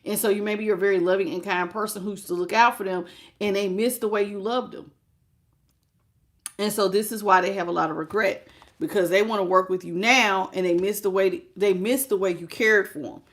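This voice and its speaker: Woman, tarot reader, live-stream host, mid-range voice, chatty, direct address, warm endearments for viewers. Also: medium pitch, steady tone, a little fast. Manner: speaks directly to the listener.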